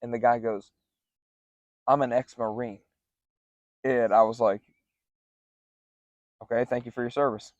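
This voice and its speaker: A young man telling a story casually as podcast co-host, loose and animated, with lots of "like" and "dude". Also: medium pitch, moderate pace, pauses often, no echo, highs cut off. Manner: animated, acts out other people's lines in raised voices; laid-back, says "like" and "dude" a lot.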